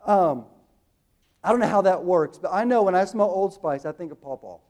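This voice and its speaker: A man in his thirties preaching a sermon, booming slow on quoted lines and dropping quick and hushed in his asides. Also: expressive. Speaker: pastor.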